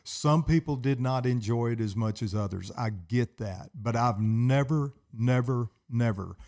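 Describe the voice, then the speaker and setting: Older veteran guest, sixties, mellow and earnest, speaks from the heart. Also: male voice, mid-range voice, a little slow. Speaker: interview guest, Army veteran. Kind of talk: interview.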